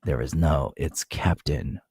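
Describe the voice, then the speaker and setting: A man voicing a mock-seductive male ASMR announcer in a deep, slow, breathy whispered role-play. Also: darkish tone, dry recording, clean studio sound, full character voice. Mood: mock-sultry.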